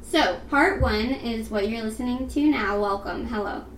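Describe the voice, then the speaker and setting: A woman's voice: a little high, normal speed, crowd noise. A young woman co-hosting a podcast in casual chat, rambling and laughing with lots of "like.". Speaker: podcast co-host. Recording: roomy sound, faint background noise.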